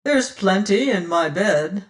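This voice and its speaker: A bold, protective young male adventurer in a storybook tale, as a woman reader plays him, speaking firmly and heartily in old-fashioned turns of phrase. The delivery is slow and deliberate, a little distant from the mic. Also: mid-range voice, expressive. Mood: resolute.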